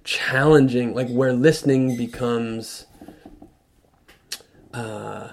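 A man as an interview guest, telling a personal story in a thoughtful, halting way with frequent restarts. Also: mid-range voice, steady tone, gravelly, slight background noise. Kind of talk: reflective storytelling conversation.

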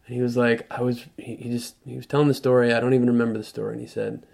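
A man as an interview guest, telling a personal story in a thoughtful, halting way with frequent restarts. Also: mid-range voice, level tone, creaky, a little mellow. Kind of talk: reflective storytelling conversation.

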